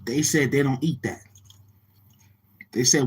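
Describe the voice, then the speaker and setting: A man's voice: mid-range voice, unhurried, husky. A man giving rambling, taunting street-talk commentary on his channel, repeating himself in heavy slang. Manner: repetitive, taunting, slangy delivery. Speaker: commentary vlogger.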